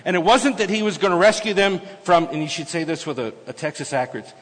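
A man preaching a sermon, moving between quiet asides and loud, emphatic proclamation as he explains a scripture passage. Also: on the high side, fast talker, big-room sound. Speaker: pastor.

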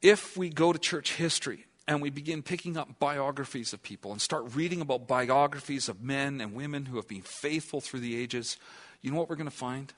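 An earnest male preacher delivering a sermon at a medium pitch. He keeps asking his listeners questions and now and then sinks into a quiet, near-whispered hush. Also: brisk. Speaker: pastor.

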